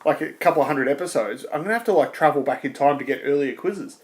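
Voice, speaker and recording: A man's voice: fairly high pitch, fast, darkish tone. A man co-hosting a podcast, teasing his friend with dry jokes and laughing often. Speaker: podcast co-host. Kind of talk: casual chat.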